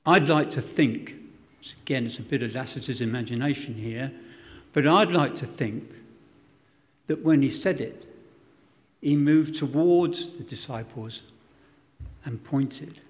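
A man preaches at an unhurried pace, leaning hard on key words and acting out the quotes. He has a middle-pitched voice and slips in self-deprecating jokes. His sermon rings out with a long reverb in a church hall. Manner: dramatic, emphatic, acts out quotes, self-deprecating humour.

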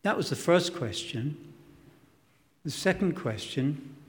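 A man's voice: fairly high pitch, expressive, takes it slowly. A man preaching a sermon, dramatic and emphatic, acting out quotes, with self-deprecating humour. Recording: long hall reverb.

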